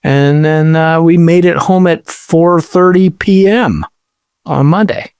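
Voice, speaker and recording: A man tells a relaxed story on a casual podcast, with a smooth, resonant voice at a close mic. The sound is dry and without echo. His delivery is laid-back, with deadpan quips. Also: on the high side, takes it slowly. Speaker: podcast co-host. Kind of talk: casual comedic podcast chat.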